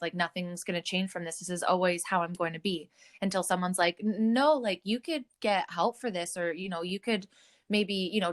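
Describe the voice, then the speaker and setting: A woman's voice: fairly low pitch, a bit bright. A young adult woman hosting a podcast, chatting candidly, swearing freely and laughing often. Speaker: podcast host. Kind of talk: casual podcast chat.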